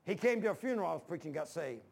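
A man's voice: fairly high pitch, lively intonation, racing, gravelly, darkish tone. A male pastor preaching a sermon in a church, telling folksy stories and acting out the dialogue. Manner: folksy storytelling, acts out dialogue.

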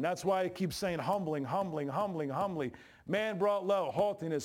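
Preaching at a normal speed, this middle-aged man has a slightly mellow voice set somewhat higher than typical for men. His style is folksy and forceful, and he climbs in pitch whenever he gets worked up.

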